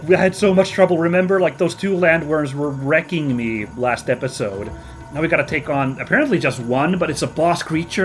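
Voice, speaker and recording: A man hosting a let's play, chatting casually and reacting out loud to the action as he plays. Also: mid-range voice. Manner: chatty, excitable, reacts aloud to gameplay. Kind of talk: casual gameplay commentary.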